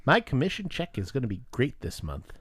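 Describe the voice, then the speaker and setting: Telling friends a swear-filled story from work, this man co-hosting a podcast is animated and plays out each line of dialogue. He has a husky mid-range voice, talks a little fast, and the clean studio recording has no room sound.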